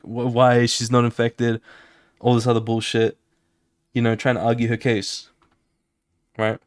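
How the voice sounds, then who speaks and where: A man who streams his drawing, casually walking viewers through his comic pages with animated, fast talk, swearing and sound effects. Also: mid-range voice, dry recording, studio quality.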